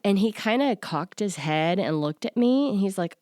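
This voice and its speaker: A woman in her forties, a self-worth coach, talking to listeners in an earnest, confiding way with soft laughs. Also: medium pitch, lively intonation, moderate pace, few pauses, no room sound, clean studio sound. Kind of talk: personal solo podcast talk.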